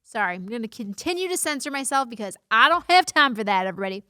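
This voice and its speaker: A woman in her thirties hosts her own casual talking-head vlog, addressing the camera directly in a slightly high voice. She's bubbly, playful and very animated, talking fast with a pushed, bright tone and plenty of jokey asides. The sound is close and dry, with almost no room echo.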